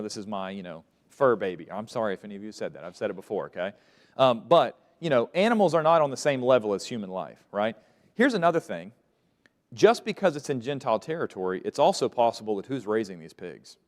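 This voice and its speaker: A man's voice: medium pitch, a little mellow. A man teaching a Bible lesson to a class, asking questions and letting them fill in the answers. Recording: long reverb of a large room.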